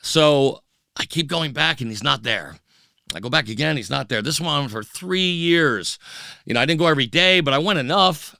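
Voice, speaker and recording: A man's voice: mid-range voice, normal speed, gravelly, dry recording. A middle-aged man, a musician guest in a podcast studio, telling his story candidly and acting out the voices of the people in it. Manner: animated storyteller who acts out quoted voices. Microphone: studio microphone.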